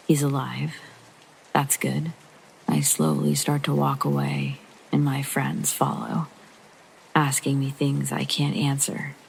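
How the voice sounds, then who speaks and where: A deeply gravelly, fry-laden voice reads a true horror story for sleep, slow and hushed, sometimes sinking to a near-whisper. Its pitch sits in a middling range. Faint rain patters underneath. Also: a little hiss or hum, low-quality recording. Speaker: narrator. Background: soft rain.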